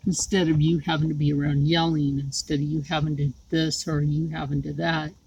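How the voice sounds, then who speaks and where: A woman talking to her viewers in a personal vlog, rambling and halting with many fillers, outdoors. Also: sits low, little pitch movement, vocal fry, darkish tone, breathy edge, poor audio. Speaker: YouTube creator.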